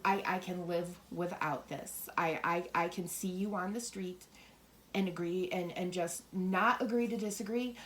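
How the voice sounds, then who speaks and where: A middle-aged woman giving a tarot and coffee-ground reading, rambling, cursing now and then, and slipping into soft whispers. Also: lowish voice, fairly even intonation, a little slow, slight background noise. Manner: swears freely when relaying messages. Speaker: tarot reader.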